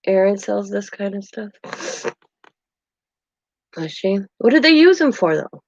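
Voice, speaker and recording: A woman's voice: medium pitch, big pitch swings, a little slow, dry recording. An older woman hosting a craft channel, chatting in a rambling, meandering way at home and chuckling often. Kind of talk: casual rambling chat. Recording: dull dry lo-fi sound.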